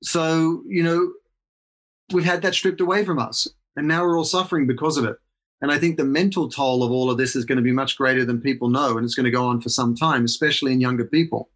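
A man's voice: mid-range voice, fast, a bit bright. A middle-aged Australian man in a casual interview, talking reflectively and rambling with restarts. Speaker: guest.

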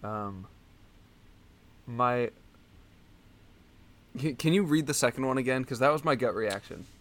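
A man chatting on a loose comedy podcast. He rambles with plenty of filler words and restarts. His voice sits at an ordinary male pitch. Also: a little slow. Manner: rambling, full of likes and restarts. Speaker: podcast co-host and quiz contestant. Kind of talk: casual comedy podcast chat.

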